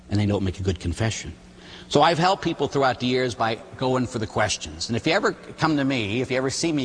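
Priest preaching with animated storytelling. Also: male voice, mid-range voice, breathy edge. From Pittsburgh area, United States. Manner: animated storytelling, acting out quoted voices, tag questions. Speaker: Catholic priest. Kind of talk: sermon. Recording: echoey hall with faint hum.

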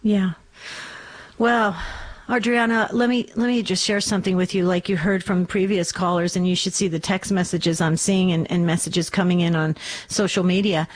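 A woman's voice: on the low side, fairly even intonation, moderate pace, a little hiss or hum. A woman hosting a call-in radio show, encouraging and comforting callers and addressing them by name. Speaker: radio host.

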